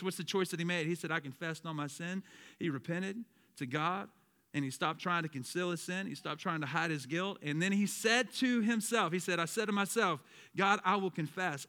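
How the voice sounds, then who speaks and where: A young male pastor delivers a dynamic sermon in a high, bright voice. He surges into loud, emphatic lines, then drops to low, quiet ones. He calls on the congregation to repeat words back to him.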